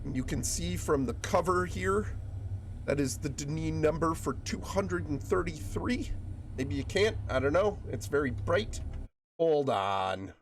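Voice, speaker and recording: Here a man's mid-range voice comes through creaky, with a bit of noise behind it. While gaming on stream, he chats casually, cracks jokes and says hello to viewers by name, coughing now and then as he recovers from a chest cold.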